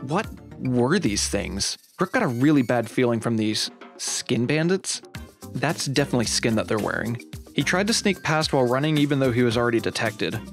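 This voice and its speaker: This channel host speaks at medium pitch, briskly and expressively, over soft background music. He is narrating an adventure story from a game playthrough with upbeat, dramatic flair.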